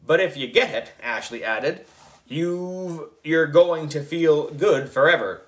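A man reading a children's novel aloud, giving the lines animated, lively delivery. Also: on the high side, slow pace. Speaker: reader.

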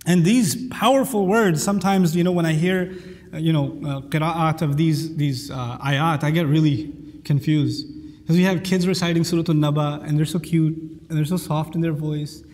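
A man's voice: a little high, moderate pace, a little mellow, in a large hall. A man teaching a lecture on the Quran, speaking emphatically and reciting Arabic verses.

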